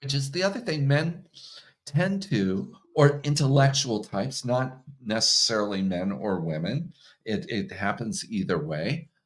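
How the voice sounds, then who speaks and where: A man who works as a hypnotherapist and coach, talking casually in an interview, relaxed and laughing often. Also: medium pitch, unhurried. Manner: relaxed, laughs often, acts out quoted partners.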